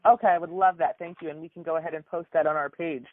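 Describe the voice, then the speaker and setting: A woman's voice: sits low, steady tone, fast talker. A woman hosting an interview, responding in an affirming way. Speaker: interview host. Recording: dry phone-line sound.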